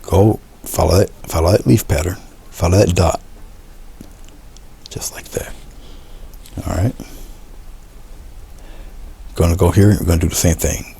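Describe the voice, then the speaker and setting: A man teaching a painting demonstration, talking relaxed as he paints, repeating short coaching phrases and often trailing off into a murmur. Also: deep voice, gravelly, slightly rough. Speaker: art instructor.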